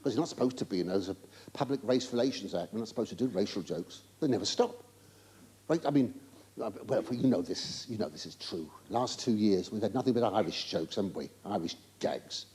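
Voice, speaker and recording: A man's voice: lowish voice, expressive, a little fast, warm tone. Flustered, teasing stand-up man. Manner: stammering, flustered asides and mock-indignant denials; chatty, teasing the audience. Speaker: stand-up comedian. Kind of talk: live stand-up routine. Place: large theatre stage before a live audience. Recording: live theatre recording with audience laughter and hiss.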